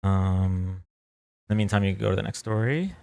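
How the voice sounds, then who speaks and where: A man in his thirties hosting a live political debate stream, talking casually in a laid-back monotone while hoarse and losing his voice. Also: low-pitched, moderate pace.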